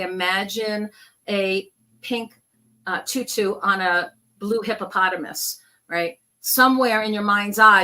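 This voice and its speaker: Bright, animated New woman. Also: mid-range voice. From New York. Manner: animated storyteller who acts out the people in her stories. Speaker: guest, psychic medium. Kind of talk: casual storytelling interview.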